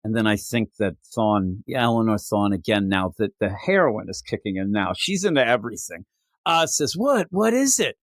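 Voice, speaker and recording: A man's voice: fairly low pitch, moderate pace, no echo, clean studio sound. A man co-hosting a comic book podcast, recapping an issue in casual, profane, sarcastic chat and acting out the characters' lines.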